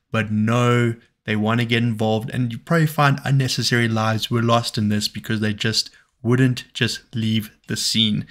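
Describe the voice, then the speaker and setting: A man with a South African accent giving relaxed reaction commentary, thinking aloud. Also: mid-range voice. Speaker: reaction host.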